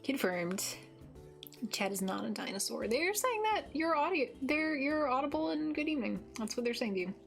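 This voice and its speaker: A woman's voice: high-pitched, big pitch swings, normal speed, gravelly, soft background music. Teasing, giggly young woman streamer. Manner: teasing, giggly, swears casually. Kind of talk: casual live-stream chat. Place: home with green screen.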